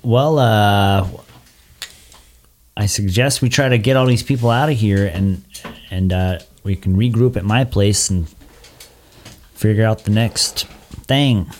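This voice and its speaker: A man's voice: fairly low pitch, unhurried, pauses often, darkish tone. A man playing a tabletop role-playing game, talking in a folksy, drawling way. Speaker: player. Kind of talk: casual tabletop game play.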